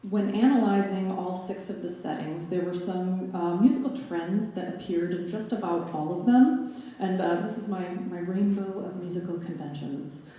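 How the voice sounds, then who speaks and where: A woman's voice: fairly low pitch, normal speed, warm tone. A young adult woman giving a graduate lecture recital, with wry, playful asides in a scholarly talk. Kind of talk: presented lecture with slide analysis. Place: recital hall. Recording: roomy recital hall reverb.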